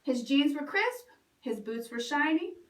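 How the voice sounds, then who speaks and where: A woman librarian reading a picture book aloud for children in a lively, expressive way. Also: high voice, unhurried, recorded from a distance. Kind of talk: storytime read-aloud. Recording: roomy echo, away from mic.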